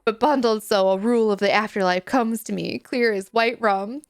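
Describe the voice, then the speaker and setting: A woman voicing a gruff, wistful old ghost pirate parrot in a video game, speaking in a halting, makeshift pirate lilt. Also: medium pitch, close to an everyday voice.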